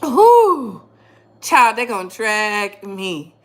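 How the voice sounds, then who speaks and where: A woman hosting a live chat stream, her voice high and bright with wide swings in pitch. She takes her time, breaks into heavy laughter over and over, and speaks straight to her viewers in slangy talk. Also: sing-song, extremely slow. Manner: laughs often and heavily, talks to viewers and chat. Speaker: livestream host. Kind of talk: casual live chat commentary.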